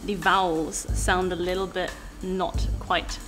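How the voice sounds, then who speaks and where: A woman's voice: fairly low pitch, little pitch movement, slow pace, music in the background. A woman with a Southern English received pronunciation accent, coaching pronunciation in a casual chat, giggly and encouraging. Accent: Southern English, near received pronunciation. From England.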